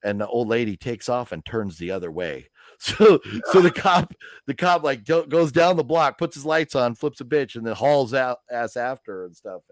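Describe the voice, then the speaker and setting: A man's voice: mid-range voice, expressive, moderate pace, few pauses, dry recording, clean studio sound. A man hosting a live movie news stream, telling stories in a rambling, chatty way with lots of fillers. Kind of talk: casual chat.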